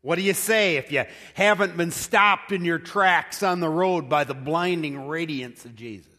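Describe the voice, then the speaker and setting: A man's voice: on the high side, moderate pace, sharp tone. A male pastor preaching a sermon in a storytelling manner, posing rhetorical questions, recorded in a church with long hall reverb.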